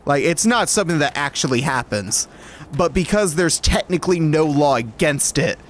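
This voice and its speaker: A man's voice: fairly high pitch, expressive, normal speed, slight background noise. A man from Alabama chatting casually with his stream viewers, rambling and correcting himself as he goes. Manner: rambling and self-correcting, light chuckles.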